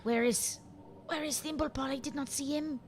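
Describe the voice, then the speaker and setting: A woman's voice: sits high, fairly even intonation, moderate pace, a little hiss or hum, voice pushed up. A woman putting on a French-accented scheming cat. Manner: mock French phrasing.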